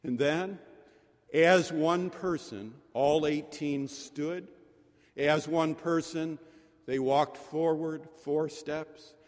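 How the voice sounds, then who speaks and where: A man with a fairly high voice preaches a sermon slowly and deliberately, repeating phrases for effect. He speaks in a chapel during a worship service, where the large space gives his words a long reverb.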